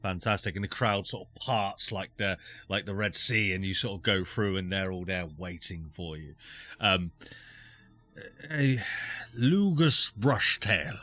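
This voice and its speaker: A man's voice: low voice, unhurried, bright, forceful tone. A man acting as game master, narrating a tabletop game in a loose, rambling way with many fillers.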